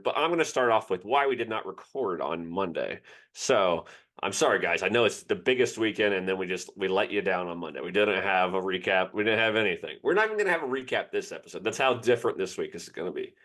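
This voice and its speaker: A young man co-hosting a sports podcast tells a personal story in a rambling, candid way during casual chat. He talks fast in a low, fairly bright voice with lively intonation.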